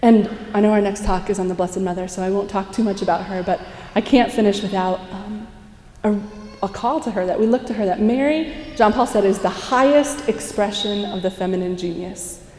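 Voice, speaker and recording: In a large, echoey conference hall, a woman gives an inspirational talk to a live audience, heard from a distance with soft music behind her. Her voice is medium-pitched and a little fast. She tells animated stories, acts out quotes and laughs a lot.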